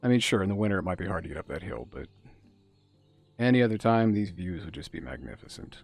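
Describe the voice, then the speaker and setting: Gravelly, low-voiced male game streamer. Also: sing-song, fast talker, faint music behind. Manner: chatty, musing. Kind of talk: casual gameplay commentary.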